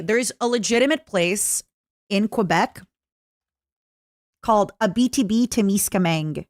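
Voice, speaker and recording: A young woman with a Canadian accent chatting casually with her stream viewers, jokey and full of quick asides. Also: medium pitch, no room sound, clean studio sound. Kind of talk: casual livestream chat.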